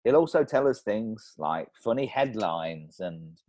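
A man's voice: on the low side, lively intonation, measured pace, a little mellow. A man co-hosting a comedy podcast, bantering, laughing often and swearing casually. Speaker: podcast co-host.

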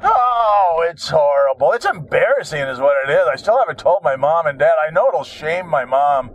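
An older man in his sixties talks through his own troubles with a high, animated voice that climbs and drops widely. He swears freely and mocks himself with a wry streak. The sound is dry and close. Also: normal speed, no room sound. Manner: profane, wry, self-mocking storytelling. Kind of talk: rambling personal monologue.

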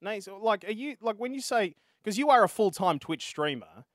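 An Australian man hosting a casual gaming podcast, out of breath and energetic. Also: high voice, brisk, no echo, studio quality. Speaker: podcast host.

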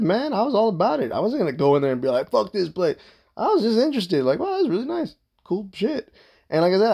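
A warm, medium-pitched male voice carries a young Southern California man's loose, profanity-laced story. He rambles, fills the gaps with "like," and performs what everyone said.

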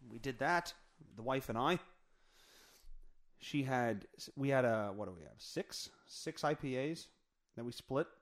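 A podcast host riffs crudely through a news story, rambling, profane and off-the-cuff. His mid-range voice is animated, and he keeps a measured pace with frequent pauses.

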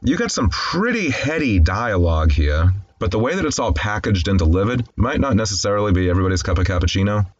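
Deep-voiced man describing a film. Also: sing-song, quick pace, highs cut off, slight background noise. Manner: wry, conversational, reads dialogue aloud. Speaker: host. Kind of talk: film commentary and scene description.

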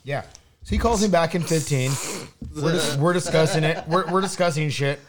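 A man's voice: on the high side, moderate pace, a loud crowd. A man telling a rambling, profane story in casual chat, with many stumbling restarts.

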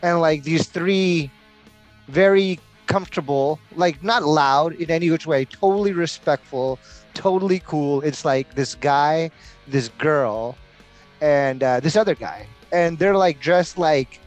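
A man's voice: a little high, unhurried, faint music behind. A middle-aged man hosting a podcast, telling a story in a loose, rambling way, full of "like" and "you know". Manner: laid-back, rambling, heavy use of "like" and "you know". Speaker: podcast host. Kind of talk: casual storytelling chat.

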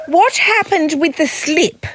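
A theatrical, imperious rich lady, shrill and high with a lively, swooping delivery. Her voice sits dry and close to the mic as she orders people about and dotes on her sweetheart. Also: takes it slowly, no room sound, exaggerated voice. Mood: furious, bossy. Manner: imperious, scolding, gushing to her lover. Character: haughty, theatrical rich older woman.

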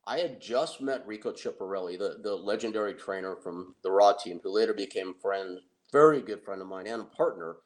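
A middle-aged man telling an anecdote in a casual, excitable way, with restarts. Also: on the low side, brisk, hardly any pauses, rough recording. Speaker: guest storyteller. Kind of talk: casual anecdote on a talk show.

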